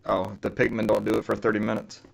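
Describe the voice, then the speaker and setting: A man's voice: fairly low pitch, completely flat delivery, fast talker, vocal fry. A man co-hosting a casual gaming podcast, joking and swearing through the banter. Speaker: podcast co-host.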